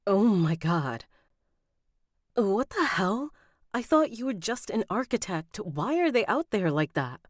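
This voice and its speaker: A woman's voice: deep voice, unhurried, warm tone, no room sound, clean studio sound. Woman doing a startled, pleading young heroine. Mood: alarmed.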